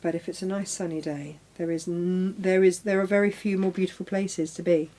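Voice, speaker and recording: A woman's voice: on the low side, steady tone, fairly quick, mellow. A middle-aged woman hosting a live sewing demonstration, chatting casually, talking to her tools and exclaiming as she goes. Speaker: crafting show host.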